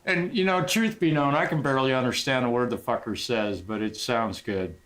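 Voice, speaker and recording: A man's voice: mid-range voice, a little fast, a bit bright. A middle-aged man livestreaming as a guitarist, chatting casually in a rambling, sentimental way with frequent swearing.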